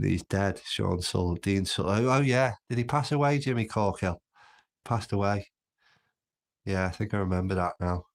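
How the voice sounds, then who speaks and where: A man's voice: lowish voice, gravelly. Chatty Scouse man hosting a livestream. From Birkenhead, England. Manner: chatty, laughs easily, frequent restarts. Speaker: livestream host. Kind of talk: casual live chat reading comments.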